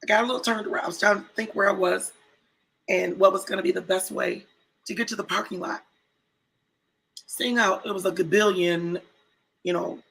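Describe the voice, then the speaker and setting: A woman co-hosting a casual talk show, telling a story with lively quoted voices. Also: medium pitch, gravelly, husky, poor audio. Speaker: co-host.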